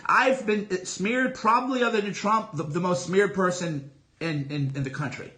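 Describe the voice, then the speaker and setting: A man's voice: high-pitched, normal speed, bright, forceful tone. A middle-aged man on a solo livestream, talking casually with boastful, emphatic, repetitive declarations. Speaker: livestream host. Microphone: streaming from a phone.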